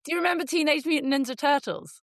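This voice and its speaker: A woman in her forties co-hosting a podcast in lively, jokey, self-mocking casual chat. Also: high voice, fast talker, no echo, clean studio sound. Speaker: podcast co-host.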